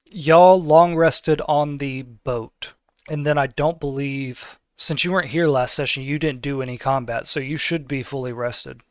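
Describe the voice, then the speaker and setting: A man's voice: mid-range voice, fairly even intonation, a little slow, no echo, studio quality. Laid-back man running a tabletop game. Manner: casual, rambling, many fillers and restarts. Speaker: game master.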